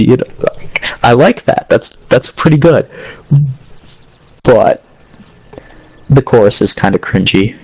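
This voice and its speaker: A young man in casual chat, opinionated and full of fillers, with a slightly low voice. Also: slow pace, pauses often, husky, dry recording, poor audio.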